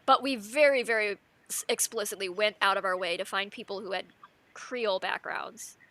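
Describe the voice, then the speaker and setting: A woman's voice: medium pitch, moderate pace, fairly bright tone, no room sound. A woman chatting casually on a livestream, rambling with many fillers and laughing often. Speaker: animated film crew member.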